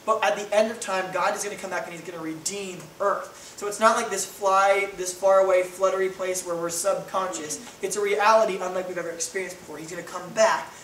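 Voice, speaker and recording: A man's voice: sits high, fairly quick, hardly any pauses, slight background noise. A man preaching a sermon as pastor, telling stories with playful voiced asides. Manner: animated storytelling with voiced asides. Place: church hall. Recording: echoey hall from far off.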